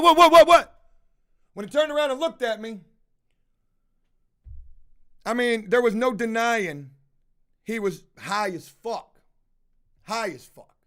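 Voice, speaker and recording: A man's voice: sits high, fairly bright tone. A man telling a heated, profanity-heavy story in a casual monologue with lots of emphasis.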